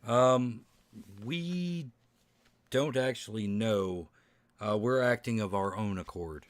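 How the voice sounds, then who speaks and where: A man's voice: fairly low pitch, takes it slowly, dry recording. A man playing a tabletop game, speaking in character in a hesitant, diplomatic way. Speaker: player.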